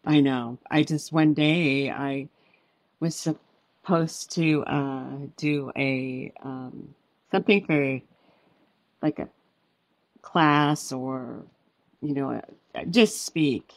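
A woman's voice: very deep voice, drawn-out words, pauses often, no echo. A woman guest author on a podcast, telling heartfelt personal stories and acting out what family members said. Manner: warm, heartfelt storytelling with quoted dialogue. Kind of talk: podcast interview storytelling.

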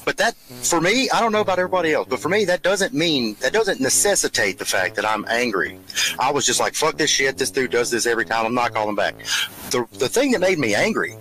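A man's voice: medium pitch, sing-song, a little fast, sharp tone, low-quality recording. A man hosting his own show, delivering an angry, profanity-laden rant during a road trip and repeatedly taunting someone who isn't there. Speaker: show host.

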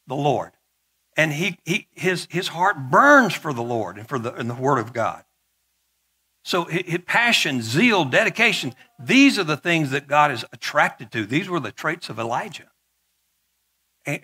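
A man's voice: a little high, sharp tone, slightly rough. A middle-aged male pastor preaching a sermon in a conversational way, with joking asides and frequent repeated words.

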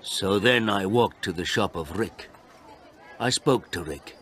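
A man narrating a learner's storybook in a slow, clear, deliberate way. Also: on the low side, a bit bright, a faint crowd, a little hiss or hum.

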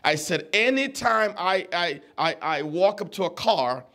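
High-voiced man preaching a teaching sermon. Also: animated, a little slow, sharp tone. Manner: conversational, stammers and repeats words, quizzes the congregation. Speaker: pastor.

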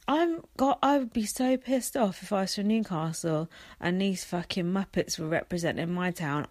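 On a dry recording, a young woman with a lowish voice hosts a podcast and tears into a reality show, cursing nonstop and making sarcastic, mocking remarks.

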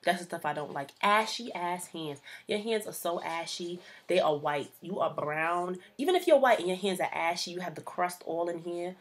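A young woman with a husky, slightly low voice, ranting to camera in a casual, comedic style. She is sassy and exasperated and full of slang, and she keeps her delivery loose and conversational. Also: expressive, moderate pace, few pauses. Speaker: vlogger.

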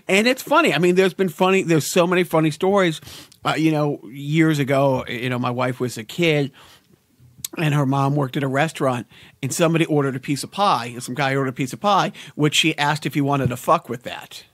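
A middle-aged man co-hosting a podcast, telling family stories in a rambling way. His voice sits a bit high, and he stammers and repeats words as he goes. The sound is close and dry. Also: a little fast, no echo. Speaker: podcast co-host. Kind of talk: casual chat.

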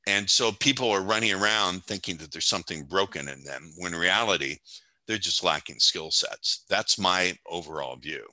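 An older man with a very low voice and a crisp, sharply bright tone speaks as a podcast guest. He explains in a measured, confident way. The sound is close and dry. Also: no echo. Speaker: hypnotist and motivational speaker guest. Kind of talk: podcast interview conversation.

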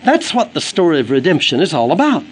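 A man's voice: a little high, wildly swooping pitch, quick pace, husky, poor audio. A man delivering an earnest, emphatic sermon for an audio book, quoting scripture as he preaches. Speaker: evangelist preacher.

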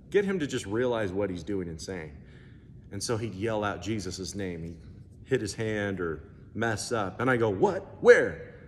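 A man's voice: on the low side, a little hiss or hum. A male pastor from the United States preaching a sermon, telling stories and acting out the dialogue. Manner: animated storytelling, acts out dialogue. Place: church hall. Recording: echoey hall, faint ambience.

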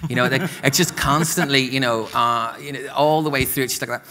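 A man's voice: mid-range voice, steady tone, fairly quick, sharp tone, in a large hall. A Northern Irish man, an author, talking at length in a literary interview and filling his sentences with "you know". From Northern Ireland. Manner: talkative, peppered with "you know" fillers. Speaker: author guest. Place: literature event stage.

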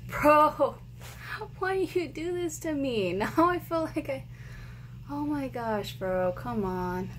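A woman hosting a casual gaming unboxing vlog, chatty and excitable, often breaking into squeals and laughs. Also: high voice, takes it slowly, slight background noise, rough recording. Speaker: gaming channel host.

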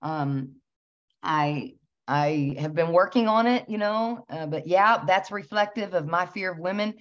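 A woman host telling a personal story in a casual, animated way, laughing as she recounts it. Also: lowish voice, a little slow. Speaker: channel host. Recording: slightly dull lo-fi recording.

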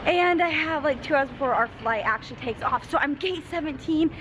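Bubbly high-voiced woman vlogging. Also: fairly quick. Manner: bubbly, excitable, gasping and giggly. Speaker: vlogger and streamer. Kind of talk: casual vlog to camera. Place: home room, then an airport terminal. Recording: noisy handheld vlog audio.

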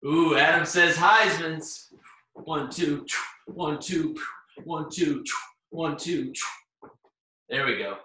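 A man's voice: fairly high pitch, slow pace, long pauses, bright, forceful tone, slight background noise. A man leading a live online workout class, cheering on participants by name and getting out of breath as he exercises along. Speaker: fitness instructor. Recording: very echoey room, far from the mic.

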